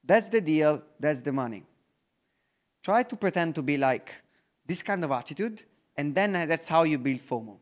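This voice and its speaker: With lively intonation and a voice pitched a touch high for a man, an Italian investor addresses a conference. His non-native English is full of restarts, and he dips into very slow, soft speech to make a point land.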